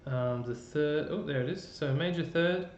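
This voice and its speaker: A man with an Australian accent presenting a casual live-stream music lesson, chatty, with plenty of fillers and restarts. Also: moderate pace. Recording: roomy dull live-stream audio with faint rumble.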